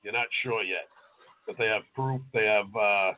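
A man with a lowish voice talks at an ordinary speed, with background noise under the tinny, phone-like sound. A chef by trade, he co-hosts a casual podcast, loosely telling crude stories and performing the voices of people he encountered.

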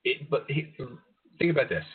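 A man's voice: fairly high pitch, moderate pace, crowd noise. A man hosting a radio show, chatting casually with a guest and laughing often. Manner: laughing, relaxed banter. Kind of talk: casual chat. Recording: tinny phone-like audio.

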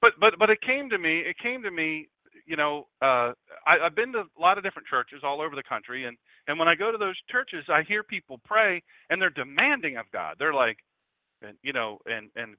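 Joking pastor on a tinny line. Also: male voice, on the high side, very animated, a little fast, no echo. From Delaware, USA. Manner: chatty, joking asides to the audience. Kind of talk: conversational radio sermon. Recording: dry, tinny phone-like sound.

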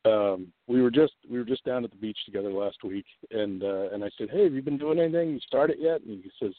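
A man's voice: mid-range voice, fast talker, no room sound. A man rambling through a casual story over the phone, full of restarts and laughs. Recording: tinny dry phone line.

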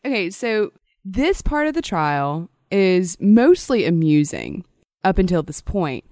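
A female podcast co-host telling a story in an easy, conversational way, with a slightly low voice. The sound is dry and close, with no room around it. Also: darkish tone, dry recording. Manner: conversational, laughing asides. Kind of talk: casual storytelling chat.

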